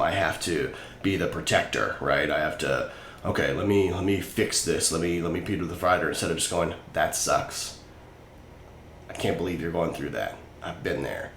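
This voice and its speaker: A man hosting a podcast, talking earnestly and candidly about emotions, now and then swearing casually. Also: fairly bright tone. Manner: candid and earnest, swears casually, rises high when impassioned. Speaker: podcast host. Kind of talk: casual solo talk on mental wellness. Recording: echoey room with faint background noise.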